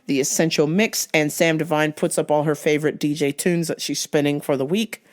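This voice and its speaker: A woman vlogger telling a comic personal story, animated and profane, acting out the people she quotes. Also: low voice, moderate pace, hardly any pauses.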